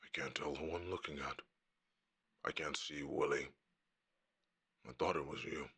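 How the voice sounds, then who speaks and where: An actor playing a confused man in the dark in a horror game. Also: a bass voice, fairly even intonation, moderate pace, husky, full character voice. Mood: uneasy.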